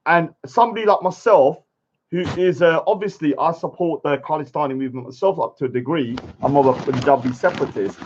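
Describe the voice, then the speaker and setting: A man's voice: fairly high pitch, a little fast, a little hiss or hum. A man, ranting casually on a livestream and arguing his point, often tagging lines with "yeah?". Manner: argumentative, keeps adding "yeah?" tags. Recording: dull lo-fi stream audio.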